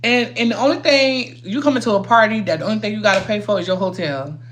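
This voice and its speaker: A woman's voice: mid-range voice, quick pace, fairly bright tone, a little hiss or hum. A woman hosting a casual livestream while doing her makeup, chatty and rambling, swearing freely and talking straight to her viewers. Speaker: livestream host.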